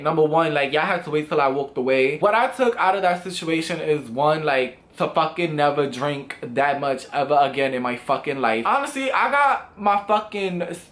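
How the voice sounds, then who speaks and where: A young man telling a storytime vlog in a casual, animated way, full of swearing and acted-out quotes. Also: fairly high pitch. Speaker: vlogger.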